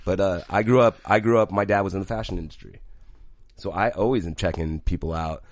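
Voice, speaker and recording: Man, podcast co-host, joking and crude, very deep voice, dry close sound. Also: brisk, no room sound. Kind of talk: casual chat.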